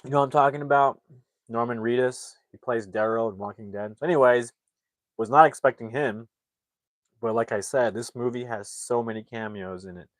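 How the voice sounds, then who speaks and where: A young man talks through a movie's plot in a loose, rambling way, slipping into the characters' lines as he retells each scene. His voice sits at a middle pitch, and the recording is dry, with no room sound. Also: normal speed, no room sound. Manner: rambling, animated retelling with acted-out quotes. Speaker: movie reviewer. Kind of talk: casual plot recap.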